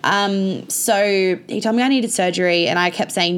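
A woman's voice: medium pitch, normal speed, clean tone. A young woman telling a personal story to her viewers in a casual, chatty way, full of "like" and frequent swearing. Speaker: vlogger.

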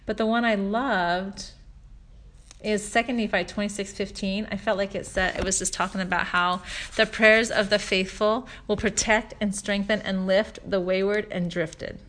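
A woman in her forties, a mother talking through a faith story and scripture lessons in a chatty, earnest way, softer when she reads verses. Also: medium pitch, fairly even intonation, normal speed. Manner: chatty storytelling, warm earnest asides with soft laughs. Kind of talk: casual religious talk.

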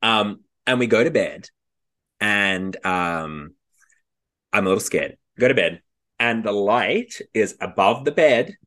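Low-voiced man telling a story. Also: takes it slowly. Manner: animated, acts out quotes, laughs often. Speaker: podcast co-host. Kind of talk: casual storytelling chat.

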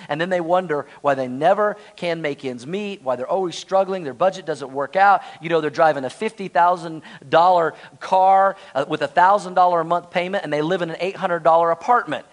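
A male pastor preaches with a bright, high-pitched voice, rushing through a comic personal story. He jokes with the congregation, then slows down to drive home his point. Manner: storytelling, animated and joking. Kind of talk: sermon.

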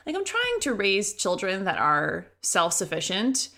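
A woman's voice: mid-range voice, wildly swooping pitch, a little slow, bright, forceful tone. A woman in her thirties hosting a podcast in casual chat, rambling with many fillers and frequent laughter. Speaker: podcast host.

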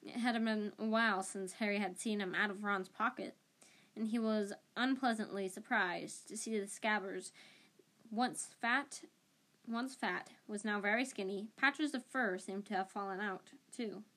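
A woman's voice: mid-range voice, a little slow, fairly bright tone. A woman narrating an amateur audiobook reading, with plain delivery and small slips and restarts. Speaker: audiobook reader.

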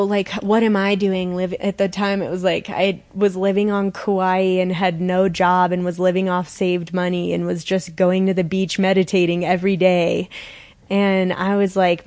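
A woman's voice: mid-range voice, no room sound. A young woman chatting casually as a podcast co-host, earnest and rambling, with many filler words and restarts. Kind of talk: casual conversation.

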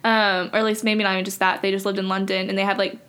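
A woman's voice: medium pitch, flat delivery, fast, fairly bright tone, clear, resonant tone. An American woman co-hosting a podcast in casual chat, chatty and swearing freely. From United States. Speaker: podcast co-host.

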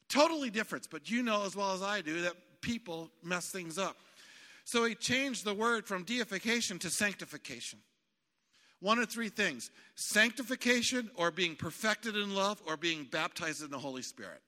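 Emphatic male pastor, booming hall. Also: normal speed. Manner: animated, emphatic, builds to shouts. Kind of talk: sermon. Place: church sanctuary. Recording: long hall reverb.

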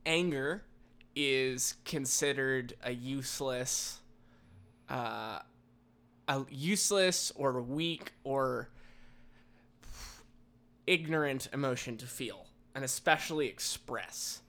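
A man co-hosting a casual podcast, telling a story with lively acted-out quotes. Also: mid-range voice, takes it slowly, pauses often. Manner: animated, acts out quoted people in raised voices. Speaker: podcast co-host.

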